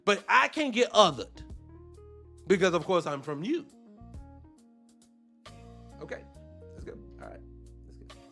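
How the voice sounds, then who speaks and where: A man's voice: sits high, sing-song, measured pace, gravelly, long pauses, pushed and bright, faint music behind. A man giving heated, profane reaction commentary, firing off rhetorical questions.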